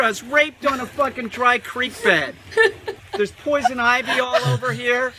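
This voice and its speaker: Man, high voice, halting, repeats himself, distraught, outdoor clip, loud background noise. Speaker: man in a confessional video clip. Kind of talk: rambling confessional account. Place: outdoors in a dry creek bed. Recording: noisy outdoor video clip.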